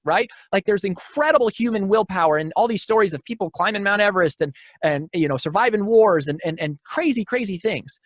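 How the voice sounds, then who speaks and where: A man's voice: high-pitched, no room sound, clean studio sound. A man giving a motivational keynote talk, telling stories with energy, repeating his key lines and often restarting phrases.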